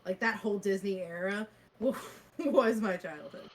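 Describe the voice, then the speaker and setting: A woman's voice: mid-range voice, measured pace. Young woman, podcast co-host, casual and giggly; noisy home recording. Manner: giggly, laughs often while talking. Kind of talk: casual chat.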